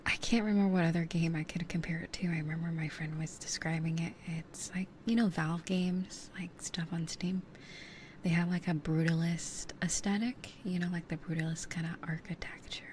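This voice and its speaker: Soft-whispering young woman streamer. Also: lowish voice, steady tone, moderate pace, a little hiss or hum. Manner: soft whispering, rambling with many fillers. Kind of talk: whispered casual chat. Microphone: close binaural ASMR mic.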